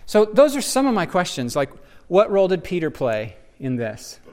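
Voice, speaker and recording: A Bible teacher leads a conversational discussion of scripture, speaking earnestly and searchingly and often restarting sentences as he hunts for words. His high-pitched voice has a darkish tone and big pitch swings, delivered at a moderate pace.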